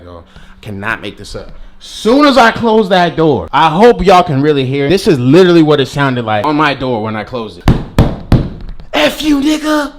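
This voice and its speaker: A young man telling a storytime vlog in an animated way, full of "you know what I'm saying". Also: mid-range voice, a little hiss or hum. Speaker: vlogger.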